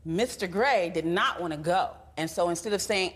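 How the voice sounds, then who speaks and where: A woman's voice: fairly low pitch, normal speed. A woman on a TV court show, telling her side of a story with animation and acting out the voices in it. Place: TV studio courtroom.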